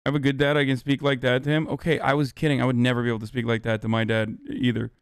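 A man's voice: mid-range voice, level tone, rapid-fire, smooth, dry recording, studio quality. Profane ranting young male streamer. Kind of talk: casual political livestream, answering chat.

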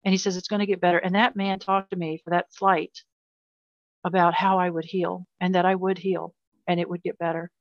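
A woman's voice: on the low side, level tone, brisk, no echo, muffled recording. An older woman telling a painful personal story in an interview, earnest and emotional, often repeating herself. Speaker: guest.

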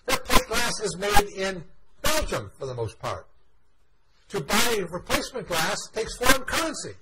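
A man lecturing voices a furious male government minister who berates a colleague with indignant rapid questions, over loud background noise. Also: medium pitch, natural voice.

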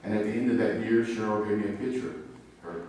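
Male pastor, low voice, chatty anecdotal sermon; distant mic in a very echoey church with faint noise. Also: fast, a little mellow. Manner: conversational storytelling with personal anecdotes. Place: church sanctuary.

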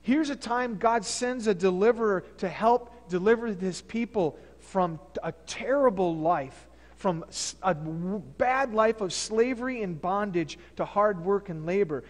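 High-voiced pastor preaching in a church. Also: male voice, a little slow, long reverb tail. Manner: conversational preaching, fillers and restarts. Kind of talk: sermon. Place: church sanctuary.

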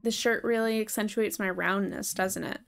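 A woman's voice: mid-range voice, fairly even intonation, moderate pace, vocal fry, lightly acted. A woman reading the lines of a sardonic, self-deprecating young woman in a video game, dry and sarcastic.

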